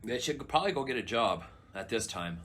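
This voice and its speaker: A man's voice: medium pitch, lively intonation, brisk, a bit bright, husky. A man interviewing a guest in a skeptical, prodding way. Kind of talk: casual interview.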